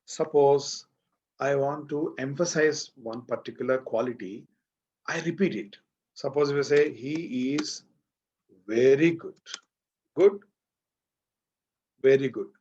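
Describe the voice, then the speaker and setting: A man's voice: medium pitch, slow pace, pauses often, a little mellow, husky. An Indian English-accented man teaches grammar to a class, repeating his examples and asking students for their answers. His voice sits in an ordinary middle register. The sound is slightly muffled and lo-fi, like a classroom recording. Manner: explains with repetition and questions to the class. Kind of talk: classroom lecture.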